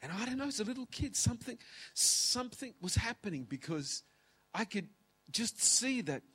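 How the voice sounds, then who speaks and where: In a large auditorium, a pastor in his fifties preaches with raw emotion, close to tears, mixing dramatic pauses and whispers. His voice sits high and is very animated, bright and forceful, with a little hiss or hum on the recording.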